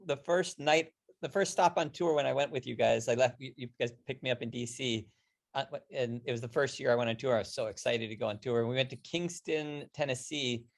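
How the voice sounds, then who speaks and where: Relaxed male storyteller, loose rambling delivery. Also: mid-range voice, fairly quick, creaky. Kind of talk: casual storytelling.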